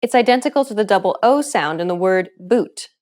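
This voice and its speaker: A woman's voice: medium pitch, lively intonation, fairly quick, a little mellow. Woman hosting a pronunciation lesson. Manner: clear, explanatory, encouraging. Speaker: language lesson host. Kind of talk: scripted lesson narration.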